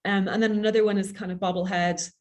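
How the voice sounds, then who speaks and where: Irish woman, public speaking coach, brisk chatty workshop delivery, mid pitch. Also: flat delivery, a little mellow. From Ireland. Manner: quick, chatty, self-deprecating. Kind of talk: workshop talk.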